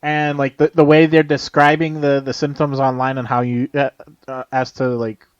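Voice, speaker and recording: A man co-hosting a podcast in casual chat, halting and full of fillers and restarts. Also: mid-range voice, level tone, clean tone, no echo, lo-fi sound. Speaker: podcast co-host.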